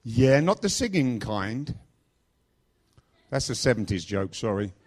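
A man's voice: medium pitch, big pitch swings, unhurried, a little mellow. A middle-aged man from England preaching in a chatty, joking storytelling style. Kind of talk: storytelling sermon.

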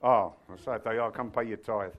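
A man preaching a sermon, swinging from loud shouted passages to quiet, chatty, humorous asides. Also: on the low side, steady tone, a little fast, dull audio. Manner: tells stories with humor.

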